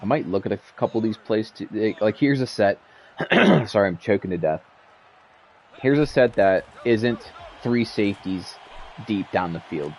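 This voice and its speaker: A man's voice: sits low, a little mellow, slight background noise. A young man giving casual, rambling commentary over a football game he set up, frustrated and swearing freely. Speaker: league commissioner playing a football game.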